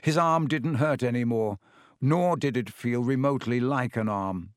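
A man reading a story aloud at a steady, measured pace, putting on voices for the dialogue. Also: mid-range voice, no room sound, clean studio sound. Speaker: narrator. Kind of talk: audiobook reading.

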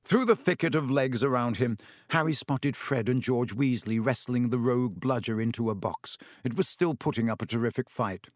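A man reading a story aloud at a steady, measured pace, putting on voices for the dialogue. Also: medium pitch, no echo, clean studio sound. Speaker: narrator. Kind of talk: audiobook reading.

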